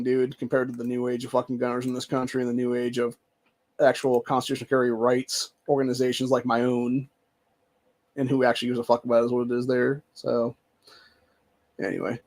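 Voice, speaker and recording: A man's voice: medium pitch, a little mellow. A young man from Ohio hosting a show, reading news aloud and ranting heatedly with constant profanity and "dude.". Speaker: show host.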